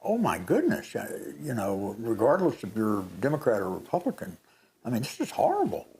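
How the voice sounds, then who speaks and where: A man's voice: on the low side, moderate pace. Older man telling a story with animation. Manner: animated storytelling, re-enacts moments. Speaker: co-host. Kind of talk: casual chat.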